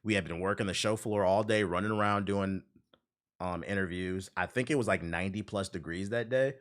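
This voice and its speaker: A man's voice: low voice, fairly quick. A man streaming a game while telling a long story in casual, slangy, profane speech. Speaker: gaming streamer.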